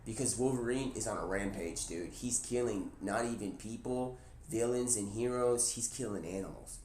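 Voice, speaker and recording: A man streaming live, telling a made-up story in a casual, excited, slangy ramble full of restarts. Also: lowish voice, moderate pace. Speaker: Twitch streamer. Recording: echoey room with faint background noise.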